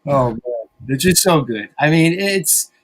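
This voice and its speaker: A man's voice: a little high, animated, a little slow. A man hosting a podcast in casual banter, rambling and profane, often mocking himself. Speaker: podcast host.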